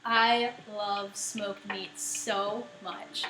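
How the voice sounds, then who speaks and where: A woman's voice: mid-range voice, steady tone, extremely slow. A young woman chatting casually and giggling often as she answers viewers during a live baking stream at home. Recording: roomy echo with faint music.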